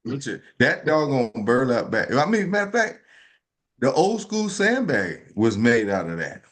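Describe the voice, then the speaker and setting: A man's voice: mid-range voice, unhurried. A middle-aged man co-hosting a podcast in casual chat, laughing a lot, loose and playful, with folksy slang. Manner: laughing, animated, Southern-tinged slang. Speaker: podcast co-host.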